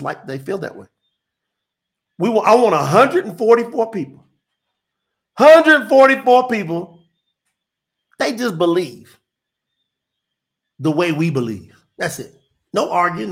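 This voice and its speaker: A man preaching on a livestream, his voice riding high for a man. He speaks. He is fervent and repetitive, circling back on the same phrases again and again. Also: a bit bright. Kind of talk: livestreamed sermon.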